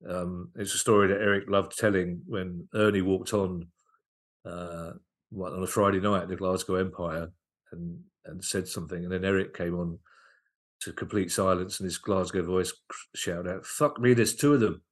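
Man, fairly low voice, guest comedian, anecdotal podcast chat, halting restarts. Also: level tone.

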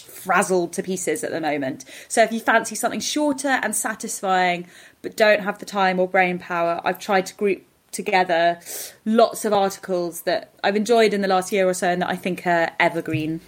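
A woman from Denmark co-hosting a podcast, chatting in a wry, opinionated way, recorded remotely from home. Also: mid-range voice. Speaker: podcast co-host. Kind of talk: casual chat.

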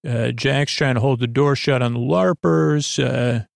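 Man, sleep podcast host, gravelly, dry close sound, rambling deadpan recap, drowsy. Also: medium pitch, a little slow, dry recording. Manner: drowsy, meandering, deadpan with many fillers.

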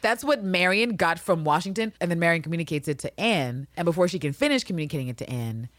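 Animated woman with a low voice. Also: fast talker, no room sound, studio quality. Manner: animated, profane, mimics characters. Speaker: podcast co-host. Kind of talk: casual recap chat.

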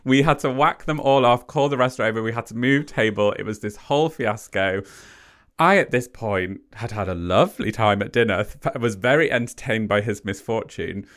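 A man with a lowish voice tells a personal story as a guest. He talks in an animated way and acts out what people said. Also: a little fast.

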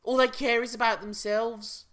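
A man's voice: extremely high pitch, little pitch movement, normal speed, a bit bright. An opinionated, teasing man from England co-hosting a casual wrestling chat show, rambling through his points. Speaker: podcast co-host.

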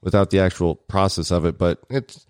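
A young man co-hosts a podcast in loose, joking banter, rambling through odd facts and laughing often. His voice sits low. The sound is dry and close, with no room around it. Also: steady tone, normal speed, clean tone, no room sound. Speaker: podcast co-host.

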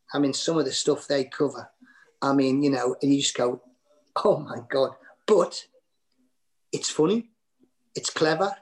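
A man's voice: on the high side, low-quality recording. A middle-aged man with a Geordie accent, a comedian telling stories in a casual interview, rambling with lots of fillers and restarts. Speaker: comedian guest.

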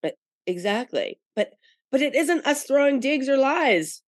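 A woman's voice: high voice, very animated, unhurried, no room sound, studio quality. A middle-aged woman chatting as a guest, hesitant and restarting her words, sounding aggrieved. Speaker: podcast guest. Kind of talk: casual rewatch chat.

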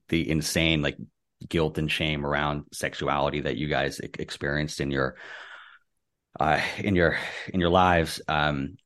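A man with a low voice hosts a podcast and chats with guests over a remote call. He speaks in a friendly, rambling way, stopping and restarting often. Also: fairly even intonation, measured pace, a bit bright. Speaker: podcast host. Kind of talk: casual podcast chat.

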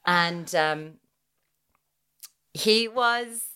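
An Irish woman co-hosting a podcast in relaxed conversation. Her voice sits low for a woman, and she tells her stories with a wry, self-deprecating edge. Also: extremely slow, clear, resonant tone. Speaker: podcast co-host. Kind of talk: casual chat.

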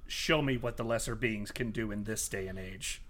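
A man voicing an arrogant ancient male monster that speaks slowly with low contempt. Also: fairly bright tone. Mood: menacing.

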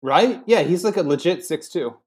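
A young adult man co-hosting a podcast, talking in animated tangents full of fillers. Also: fairly high pitch, moderate pace, slightly rough. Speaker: podcast co-host. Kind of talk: casual film recap chat.

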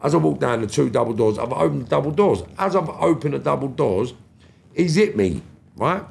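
A middle-aged London man talks with a rough, gravelly edge to his voice. He tells his story in blunt street slang and swears freely. The tone is casual, like a podcast guest speaking off the cuff. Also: mid-range voice, animated, fairly quick, darkish tone.

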